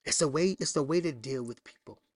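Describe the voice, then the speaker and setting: A male pastor preaching a sermon, swinging from loud, high scripture reading to low conversational storytelling, blunt and emphatic with repeated phrases. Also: a little fast, dry recording. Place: church.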